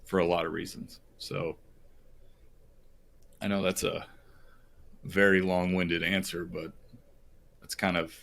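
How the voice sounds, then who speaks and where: Podcast guest, male, very low and flat voice, earnest and rambling with lots of fillers, faint hiss behind. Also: slow, vocal fry, long pauses. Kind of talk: emotional personal storytelling.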